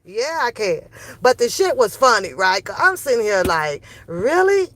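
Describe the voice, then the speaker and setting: A woman's voice: mid-range voice, big pitch swings, normal speed, a bit bright. A middle-aged woman giving a heated, sarcastic opinion rant, full of profanity and repeated rhetorical questions. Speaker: commentary vlogger.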